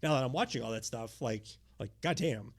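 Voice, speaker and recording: Chill guy in his 30s, kinda hoarse, mid voice, swears a lot, easygoing podcast chat. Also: medium pitch, lively intonation, a little fast. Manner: laid-back, swears, laughs at his own jokes. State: voice going hoarse. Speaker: podcast co-host. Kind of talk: casual chat.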